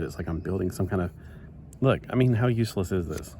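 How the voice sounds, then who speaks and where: While building a toy set, a man with a very low, deep voice chats casually, talking fast, rambling and interrupting himself. A steady noise runs behind him throughout the recording.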